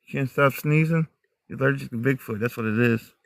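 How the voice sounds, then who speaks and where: A man's voice: mid-range voice, brisk, dry recording. Chatty man with a mixed American accent. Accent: mixed American, Midwestern, Southern and Northern. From United States, raised in many states. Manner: chatty, talks straight to viewers, laughs a lot. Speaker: livestream host. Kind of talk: casual livestream chat. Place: woods at night, outdoors.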